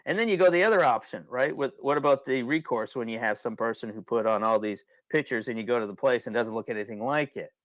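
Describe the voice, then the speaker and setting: A man's voice: mid-range voice, quick pace, few pauses, a bit bright, no echo. A man hosting a casual webinar, talking in a rambling, colloquial way and repeating himself when he gets worked up. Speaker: webinar host.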